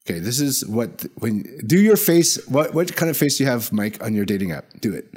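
A man hosting a casual comedy chat, lively and directing the others. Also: on the low side, fast, breathy edge. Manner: lively, bossy, sets up bits.

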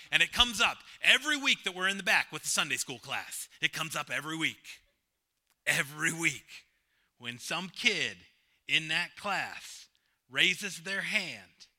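With a high-pitched, expressive voice at a moderate pace, a man preaches as pastor. Emphatic, he repeats key phrases and alternates loud and hushed delivery, also joking with the congregation and asking them questions.

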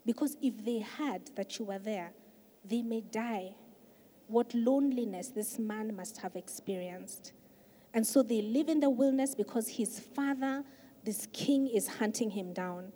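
A woman pastor preaching a sermon, telling the story with emphatic, swelling delivery. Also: fairly high pitch. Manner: emphatic storytelling, swelling louder for key points. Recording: long reverb of a large hall.

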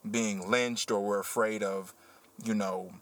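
A man who works as a teacher, hosting a casual podcast chat and telling a story with animated, heated energy. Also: on the low side, a little slow, dry recording. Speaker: podcast host.

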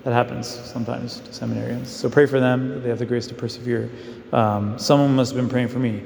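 A man's voice: medium pitch, fairly even intonation, brisk, gravelly, darkish tone, a little hiss or hum. A male priest giving a casual, story-driven homily, full of fillers as he talks to the congregation. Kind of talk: conversational mission homily. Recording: echoey hall with long reverb.

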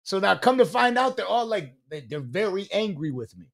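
A man with a fairly high voice, telling a long story in casual podcast chat. He talks in an animated way and swears freely. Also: brisk, gravelly. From Buffalo, New York. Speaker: podcast co-host.

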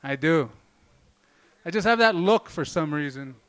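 A man's voice: fairly high pitch, lively intonation, unhurried, fairly bright tone. A man doing a stand-up comedy set, rambling loosely and swearing constantly. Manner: profane, rambling, loose delivery.

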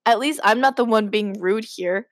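A woman's voice: mid-range voice, normal speed, dry recording, studio quality, natural voice. A woman reading a cocky teenage boy. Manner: brash, teasing.

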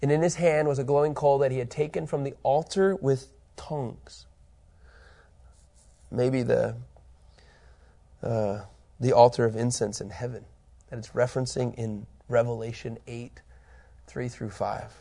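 A man teaching a Bible study, animated and emphatic, reading scripture aloud with building intensity. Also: medium pitch, a little slow, vocal fry, pauses often.

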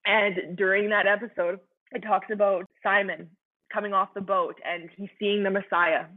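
A woman's voice: medium pitch, fairly even intonation, moderate pace. A young woman sharing her personal faith testimony, earnest and fervent, talking in a loose way full of "like" and "you know". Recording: tinny phone-like sound.

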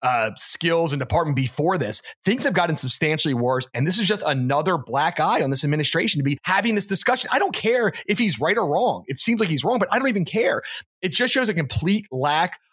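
A man's voice: fairly high pitch, expressive, a little fast, a bit bright, breathy edge. A man co-hosting a podcast, talking in a casual political chat, emphatic and often repeating words as he builds his argument. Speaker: podcast co-host.

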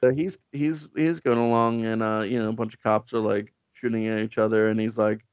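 A man's voice: on the low side, fairly even intonation, fairly quick, clean tone, no echo, dull audio. A man casually recapping a comic book in a rambling, profane, laid-back way, with frequent fillers. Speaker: comic book podcast co-host.

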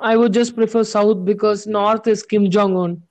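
A man with a notably high voice, talking in a relaxed group chat. He teases his friends and walks them through explanations with a quick, joking manner. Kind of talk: casual chat.

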